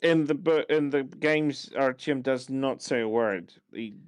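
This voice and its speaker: A man's voice: mid-range voice, unhurried, clean tone, no echo. A man co-hosting a podcast in casual chat, often repeating words while he searches for the next one. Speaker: podcast co-host.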